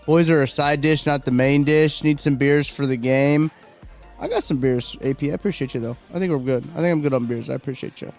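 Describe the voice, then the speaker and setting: A man's voice: on the high side, brisk, a little mellow, faint music behind. A man hosting a live stream, chatting casually and rambling through viewer comments. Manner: rambling, chatty, reacts to chat, yawning. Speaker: livestream host.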